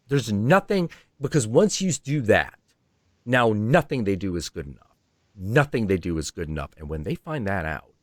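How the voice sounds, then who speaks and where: A man's voice: fairly low pitch, dry recording, clean studio sound. Profane, fired-up male stream host. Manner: profane, animated, acts out imagined dialogue. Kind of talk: heated livestream rant.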